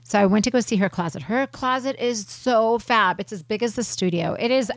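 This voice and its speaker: A woman co-hosting a casual chat show, excitable and quick to tell funny stories with animated quoted voices. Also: a little high, dry recording. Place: small studio.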